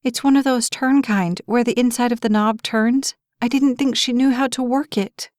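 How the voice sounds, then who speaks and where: Woman doing a panicked young mother, high and frantic. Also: steady tone, a little slow, dry recording, studio quality. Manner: panicked, pleading, voice rising. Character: frightened young mother, about twenty, near hysterical.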